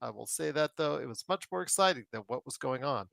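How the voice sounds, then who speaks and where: Chatty animated podcast host man. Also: mid-range voice, a little fast, creaky, dry recording. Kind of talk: casual sports podcast talk.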